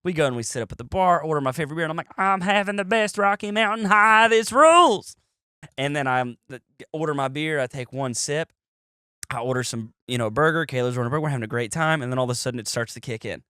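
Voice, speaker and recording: Fast-talking young man telling a wild story. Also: mid-range voice, clean tone, no echo, clean studio sound. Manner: animated, profane, acts out quotes in shifting voices. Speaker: podcast host. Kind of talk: casual storytelling chat.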